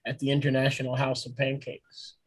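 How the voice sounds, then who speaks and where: A man's voice: mid-range voice, monotone, a little fast, breathy edge, no room sound. A man leading a congregation meeting, joking and teasing the others in playful banter. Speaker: congregation leader.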